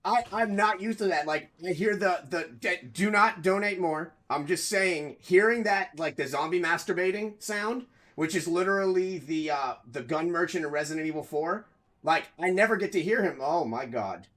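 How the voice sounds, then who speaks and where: A man streaming a video game from home, chatting casually with viewers, excitable and swearing freely, breaking into loud outcries. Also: high-pitched, moderate pace. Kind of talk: casual live-stream chat.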